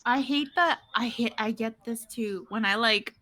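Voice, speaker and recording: A woman's voice: a little high, a little slow, sharp tone. A young woman in casual chat, speaking earnestly and giving her opinions.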